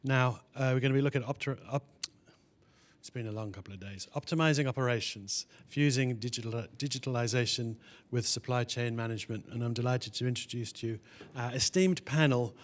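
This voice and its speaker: A man's voice: medium pitch, fairly quick. A man hosting a conference who introduces a panel in a chatty way, stumbling over a word and joking about it. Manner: chatty, stumbles over words with self-deprecating asides. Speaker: event host introducing a panel. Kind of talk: live stage introduction. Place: conference stage.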